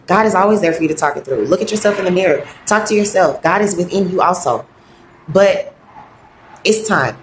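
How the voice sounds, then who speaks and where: A woman coaching on grief and wellness in a heartfelt, halting, reflective way, sounding close to tears. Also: on the low side, a little hiss or hum. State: fighting back tears. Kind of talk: earnest motivational talk. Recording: roomy echoey room.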